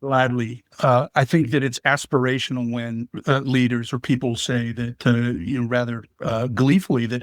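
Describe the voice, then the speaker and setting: A man at an ordinary mid pitch answers interview questions steadily, building his points through vivid everyday analogies. The sound is close and dry, with no room echo. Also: level tone. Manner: measured, explanatory, uses vivid analogies. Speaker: guest, business leader and veteran.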